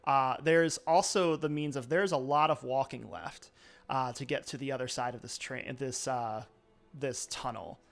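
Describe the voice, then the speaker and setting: A man's voice: medium pitch, normal speed, creaky. A man narrating as game master of a live tabletop role-playing game, talking loosely with many fillers.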